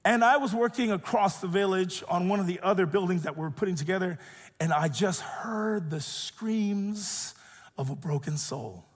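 A high, husky male voice preaching with wide swings in pitch, lively and expressive as he acts out each voice in his story. The sound carries a long reverb, as from a large church sanctuary. He sounds like a pastor in his thirties. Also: moderate pace. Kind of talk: sermon with personal storytelling.

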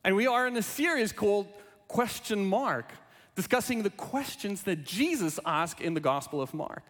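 A male pastor preaching a sermon, playful and lively, reading a children's book aloud with animal noises. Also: sits high, moderate pace. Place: church sanctuary. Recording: long reverb in a large hall.

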